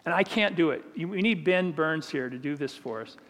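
A man with a fairly high voice preaching a sermon, conversational and vivid, with humorous asides. The recording has the long reverb of a large hall. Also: expressive, brisk, a bit bright.

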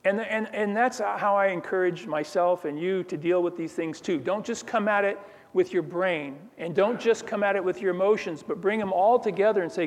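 A man's voice: sits high, moderate pace. A man preaching a sermon in a conversational way, often restarting phrases and putting questions to the room. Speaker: pastor. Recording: long hall reverb.

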